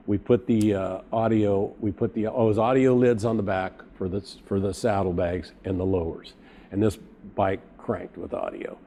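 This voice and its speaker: Middle-aged male storyteller, deep and warm, animated, plays the other people in his story. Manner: animated storyteller acting out quoted dialogue. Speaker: podcast guest, custom bike builder. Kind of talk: casual storytelling.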